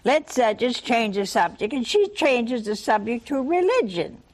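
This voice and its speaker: An older woman preaching a sermon, telling a Bible story with lively rhetorical questions and acted-out dialogue. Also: fairly high pitch, a little slow.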